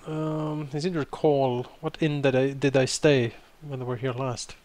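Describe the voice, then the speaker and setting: A man's voice: mid-range voice, level tone, moderate pace, darkish tone. A man playing a tabletop game, describing his character's actions with hesitant restarts. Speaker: player.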